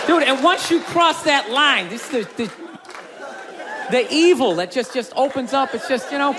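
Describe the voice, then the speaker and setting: A man doing stand-up comedy, ranting loudly and exasperated, often shouting and swearing. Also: high voice, very animated, moderate pace. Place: live comedy club stage. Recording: live club set with loud crowd laughter and noise.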